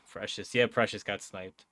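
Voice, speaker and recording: A man's voice: lowish voice, steady tone, a little slow, fairly bright tone, dry recording. A young man chatting casually on a live stream, rambling with lots of fillers, swearing and frequent laughs. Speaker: streamer and podcast host.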